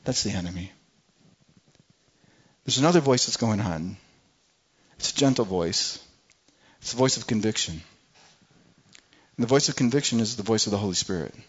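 A man's voice: lowish voice, animated, moderate pace, pauses often, slightly rough. A man preaching a sermon with emphasis, often repeating words as he restarts. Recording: muffled lo-fi recording.

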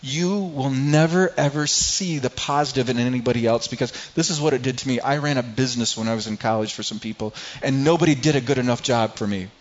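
Halting preacher man, dull lo-fi sound. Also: medium pitch. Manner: halting, repeats words, quiet when moved. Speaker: pastor. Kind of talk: sermon with personal story.

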